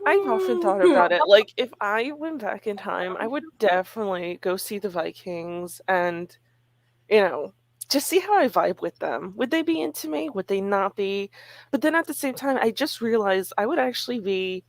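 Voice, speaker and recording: A woman in relaxed, chatty stream talk who laughs easily. Her pitch is in the middle range. The sound is dry and close, with no room echo. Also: normal speed. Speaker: webcomic co-creator streaming. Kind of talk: casual chat.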